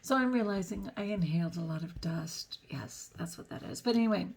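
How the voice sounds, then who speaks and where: A woman's voice: fairly low pitch, brisk, creaky, breathy edge. A middle-aged woman talking through a personal vlog in a chatty, self-deprecating and earnest way, often laughing between thoughts. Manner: earnest, faith-filled reflection. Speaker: vlogger.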